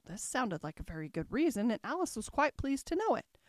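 A woman narrating a classic storybook as an audiobook reader, expressive and lilting, close to the mic. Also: a little high, brisk, dry recording.

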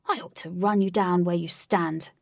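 Woman doing a snappy tough warrior, loud and clipped, gravelly. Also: on the low side, moderate pace, no echo, studio quality. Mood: fierce. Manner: curt and forceful. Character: fierce blunt warrior.

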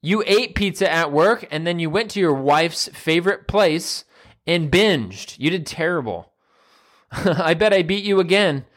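A man's voice: on the high side, animated, measured pace, a bit bright. A gleeful inner voice of temptation , put on by a man, taunts with self-satisfied glee. It speaks in a slightly raised, casual tone. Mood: gloating. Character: gloating inner voice of temptation, male.

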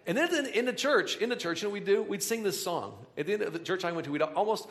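High-voiced man preaching in a reverberant hall. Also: animated, fast talker, fairly bright tone. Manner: conversational, rising to emphatic bursts with repeated phrases. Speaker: pastor. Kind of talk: sermon. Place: large hall with a live congregation.

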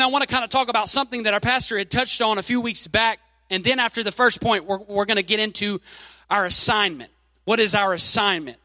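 A man's voice: high voice, sharp tone, no room sound, long reverb tail. A man preaching a sermon, reading scripture aloud and leaning hard on key phrases.

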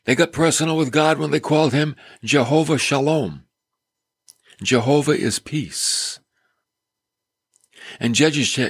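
A man's voice: mid-range voice, breathy edge, no echo, studio quality. A male preacher delivering a sermon in an emphatic storytelling manner. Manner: emphatic, storytelling with acted quotes.

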